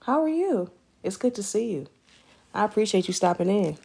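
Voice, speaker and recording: A woman streaming live from her bed at home, greeting viewers by name in animated, slangy casual chat. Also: medium pitch, normal speed, gravelly, husky.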